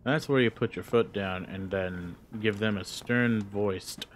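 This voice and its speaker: A man's voice: fairly low pitch, fairly even intonation, unhurried, few pauses, slight background noise. A young man streaming a game, talking to himself in a rambling, jokey, profane way. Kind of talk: casual gaming commentary.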